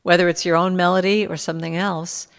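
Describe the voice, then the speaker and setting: A middle-aged woman in a casual conversation, telling stories and acting out what people said in lively bursts. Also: on the low side, fast, vocal fry, smooth, in a large hall. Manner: animated storyteller, acts out quotes. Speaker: musician guest.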